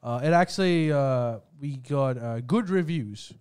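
A man's voice: mid-range voice, a little slow, darkish tone, clear, resonant tone. A man co-hosting a podcast, steering the casual chat to the next topic with hesitant fillers. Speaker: podcast co-host.

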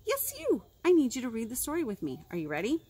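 Lively, animated woman reading storytime. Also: high-pitched, fast, slightly rough. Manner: animated, gasps often, asks the listener questions. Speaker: children's librarian. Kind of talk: storytime reading picture books to young children.

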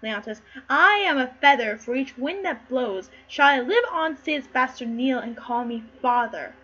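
A woman's voice: high-pitched, lively intonation, normal speed, a bit bright. A woman reading the part of a jealous, furious king in an amateur play read-through, with a barking, commanding delivery. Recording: slightly muffled with faint noise.

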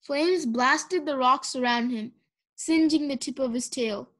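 A woman reading a children's fantasy book aloud in a steady, expressive narration. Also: sits high, unhurried. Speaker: audiobook reader.

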